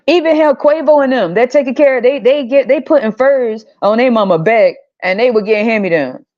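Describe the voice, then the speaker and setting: A woman hosting a podcast, ranting bluntly and profanely with exasperated, sudden high-pitched outbursts. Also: a little mellow, dull audio. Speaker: podcast host. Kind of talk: opinionated rant.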